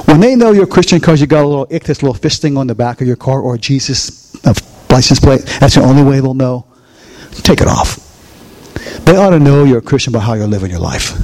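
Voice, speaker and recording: Animated, lively-pitched male pastor preaching. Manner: animated, chatty, jumps to high voice for quotes and jokes. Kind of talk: conversational sermon. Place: church sanctuary.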